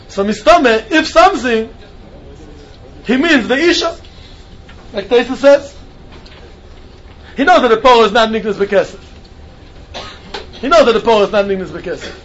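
A man giving an animated Talmud class lecture, mixing Hebrew and Yiddish terms into his English. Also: sits high, normal speed, pauses often. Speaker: Talmud teacher. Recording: dull lo-fi recording with faint noise.

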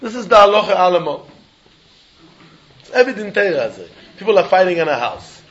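Man, Talmud class teacher, lilt, fairly high voice, dull lo-fi recording. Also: sing-song, a little fast, a bit bright. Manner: sing-song study-hall explaining, acting out both sides of a deal. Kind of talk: animated Talmud class lecture.

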